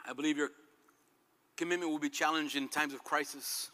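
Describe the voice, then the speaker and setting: A man preaching a fervent sermon, swinging between loud calls and quiet passages. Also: fairly high pitch, fairly even intonation, brisk. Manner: fervent, dramatic swings in loudness. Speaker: pastor. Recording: long reverb hall.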